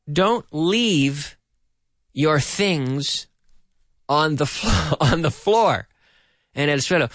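Lively radio English teacher, man. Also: fairly high pitch, no echo, clean studio sound. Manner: animated, repeats each sentence slowly for learners. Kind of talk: radio language lesson.

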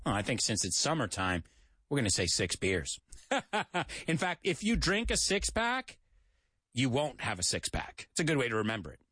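A man's voice: mid-range voice, very animated, normal speed, a bit bright, slightly rough, no echo, studio quality. A man from the United States hosting a casual English lesson, joking and spelling out words for learners. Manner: chatty, jokey, repeats and spells out words. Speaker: English teacher and show host.

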